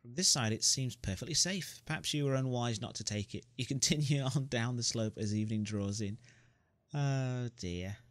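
A man's voice: medium pitch, brisk, hardly any pauses, no echo. A man reading the narration of a story game aloud, with joking asides. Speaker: gamer.

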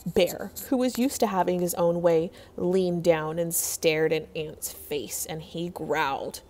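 A woman reading a folktale aloud in a measured, expressive storytelling manner. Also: lowish voice. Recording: long hall reverb.

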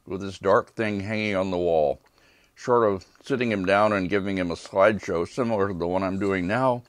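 An older man lecturing on art history from a prepared script, with calm, measured delivery and brief asides asking for the next slide. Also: fairly low pitch, no room sound, clean studio sound. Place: lecture hall.

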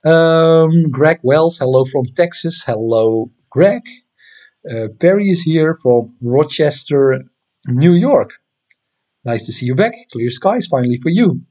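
A man's voice: on the high side, animated, slow pace, warm tone, muffled recording. A man with a Dutch accent hosting an astronomy livestream, chatting casually and reading viewer comments with many hesitant ums and restarts. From Netherlands.

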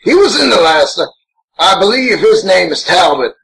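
A man's voice: high-pitched, sing-song, moderate pace, vocal fry, fairly bright tone, full character voice, low-quality recording. A man voicing a gigantic, grouchy green monster as co-host of a crude, rambling in-character watch-along commentary. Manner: crude, brash and rambling, swears a lot.

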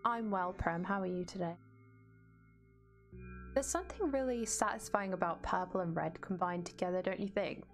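A woman's voice: mid-range voice, moderate pace, soft background music. A woman streaming a game, chatting casually with viewers and reading the game's narration aloud.

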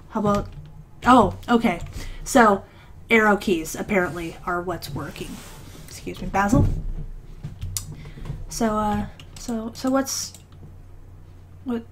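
A woman talks through a game she is playing, her speech unhurried and full of hesitations and restarts. She sounds like a channel host chatting casually to her viewers. A faint noise sits under the recording. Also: medium pitch. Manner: hesitant, rambling with many fillers and restarts. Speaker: let's play commentator. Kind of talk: casual gameplay commentary.

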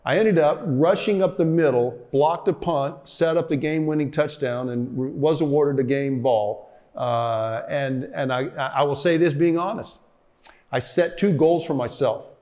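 An older man, a former football player, tells rambling stories about his past in a reflective interview, with lots of fillers and restarts. His voice is fairly high and darkish, and he speaks at a moderate pace.

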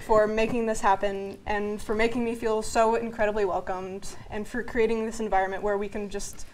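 A woman's voice: medium pitch, level tone, a little fast, a little mellow, low-quality recording. A young woman from a student TV show cast giving an earnest, emotional farewell speech. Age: young adult.

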